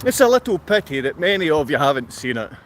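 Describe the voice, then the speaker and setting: A Scottish man with a Glaswegian accent, rambling to his viewers on a walk-and-talk vlog, chatty and quick to laugh. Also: a little high, big pitch swings. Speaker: vlogger. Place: outdoors on a town street with traffic. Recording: street traffic noise behind.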